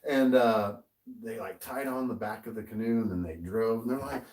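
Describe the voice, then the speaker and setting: A man's voice: fairly low pitch, moderate pace, darkish tone, far from the mic, low-quality recording. A man co-hosting a podcast, telling a story in casual chat, swearing often and laughing as he goes. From American. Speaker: podcast co-host.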